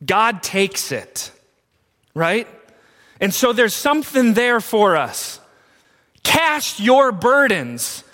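Male preacher, emphatic, poses questions to the room; unhurried delivery, echoing hall. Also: very high-pitched, sharp tone. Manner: emphatic, asks the congregation questions. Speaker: pastor. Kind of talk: sermon.

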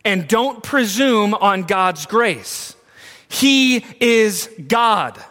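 A man's voice: high-pitched, expressive, very slow, fairly bright tone, long reverb tail. A man preaching a sermon as pastor, emphatic and asking his listeners questions. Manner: emphatic, asks the congregation questions.

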